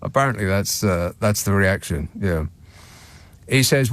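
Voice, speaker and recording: A man hosting a radio phone-in, his delivery sardonic and laced with chuckles as he reads listeners' messages aloud. His pitch moves a lot, rising and falling for emphasis. He speaks close to a studio mic in a dry, dead room. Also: sing-song, measured pace, no room sound. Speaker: radio talk show host. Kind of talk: late-night radio phone-in monologue. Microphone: studio microphone.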